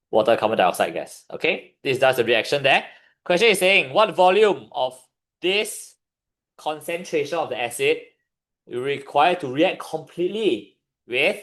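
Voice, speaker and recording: A chemistry tutor with a Singaporean English accent runs a revision class, his mid-range voice fairly bright. He keeps questioning his students as he teaches, pausing to let them answer.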